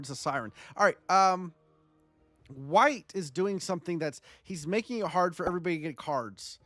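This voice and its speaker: A man's voice: high voice, normal speed, bright, forceful tone, no room sound, soft background music. A man streaming a strategy game live, chatting and joking with his viewers as he plays. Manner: chatty, joking, talks to chat.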